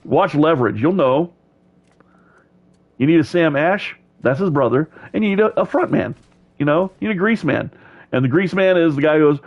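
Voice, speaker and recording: A man's voice: fairly high pitch, lively intonation, moderate pace, muffled recording. A man on a heated, profane rant, swearing constantly and repeating himself.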